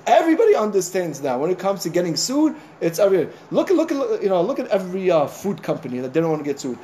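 A man's voice: high-pitched, fast talker, slight background noise. A man, a rabbi, giving an informal sermon, telling stories in a conversational way with many "you know" asides and acting out what people said. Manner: animated storyteller, acting out conversations.

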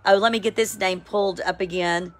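A woman, giving a casual, emphatic spoken devotional, with sudden excited high cries. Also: a little fast. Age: 50s. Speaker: Christian devotional vlogger. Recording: home, with a siren outside.

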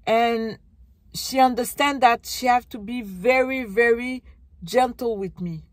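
Slow, halting woman telling her story. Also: a little high, dry recording. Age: middle-aged. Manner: halting, searching for words, many restarts. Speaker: vlogger. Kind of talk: personal recovery vlog.

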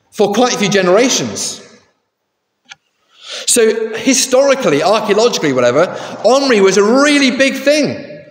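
A man preaching a sermon in a conversational way, asking the congregation questions. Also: high-pitched. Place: large church. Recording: echoey church with long reverb.

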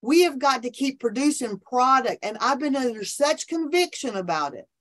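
A minister appearing as a podcast guest talks about faith over a remote call from her office, enthusiastic and a little preachy, often restarting her sentences. Her voice is high-pitched, expressive and a bit bright, at a moderate pace.

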